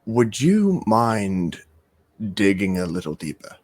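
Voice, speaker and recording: A man voicing a soft-spoken male amnesiac in a put-on accent, speaking slowly and haltingly. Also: fairly low pitch, very animated, exaggerated voice. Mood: wistful. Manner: slow, halting, hesitant delivery.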